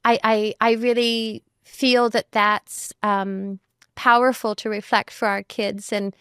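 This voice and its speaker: A woman's voice: medium pitch, level tone, takes it slowly, fairly bright tone, smooth, no echo, clean studio sound. A woman who is a mother, talking as a guest in a reflective conversation, thoughtful and full of "you know" and "like" fillers.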